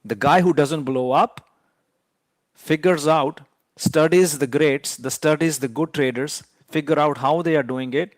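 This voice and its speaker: A man's voice: fairly high pitch, a little slow, no room sound, studio quality. A man giving a trading lesson in an emphatic, lecturing way, often repeating key points for stress. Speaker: trading educator.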